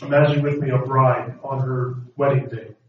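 A man's voice: mid-range voice, little pitch movement, moderate pace, a little hiss or hum. A man preaching a sermon in a reflective way, asking rhetorical questions. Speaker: pastor. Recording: echoey room, distant mic, dull sound.

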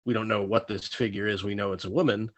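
Thoughtful low-voiced male co-host. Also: steady tone, fast talker. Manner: thoughtful, hesitant starts. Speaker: podcast co-host. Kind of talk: casual discussion of a TV episode.

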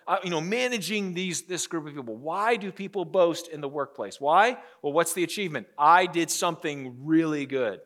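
A middle-aged male pastor delivers a sermon in a notably high voice. He talks with animation and often restarts his phrases by repeating words. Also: a little fast, hardly any pauses, fairly bright tone.

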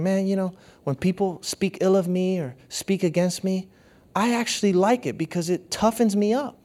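Brief: middle-aged male pastor, slightly higher voice, earnest sermon delivery with hushed storytelling.

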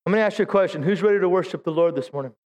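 Man, pastor, high voice, Pentecostal sermon, calls out to the congregation, self-deprecating jokes. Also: very fast, darkish tone. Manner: exhorting, calls for audience response. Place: church sanctuary.

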